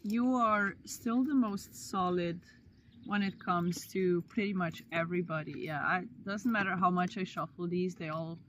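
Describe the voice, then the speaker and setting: A woman's voice: on the low side, unhurried, slight background noise. A woman giving a casual tarot reading to her viewers, chatty and slangy, with playful asides. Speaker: tarot reader.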